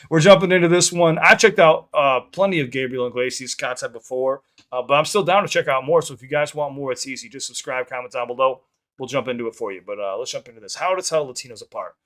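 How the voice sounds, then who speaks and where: A man's voice: medium pitch, fast talker, fairly bright tone. A man hosting a reaction video, chatting casually and laid-back. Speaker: reaction channel host.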